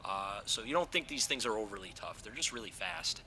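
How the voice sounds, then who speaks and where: A man's voice: fairly low pitch, animated, brisk, sharp tone, slight background noise. A man narrating as game master of a tabletop game, joking and loose, swearing casually.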